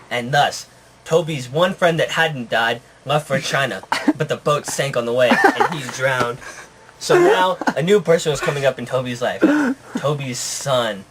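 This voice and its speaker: A man improvising a puppet story, narrating deadpan and often laughing. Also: medium pitch, measured pace, background noise.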